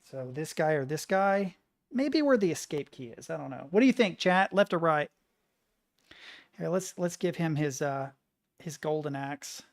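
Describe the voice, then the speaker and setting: A woman streaming live and chatting casually to her viewers. She swears freely and mutters to herself, then bursts out loud. Her voice sits a little low. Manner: swearing, excitable, muttering between outbursts.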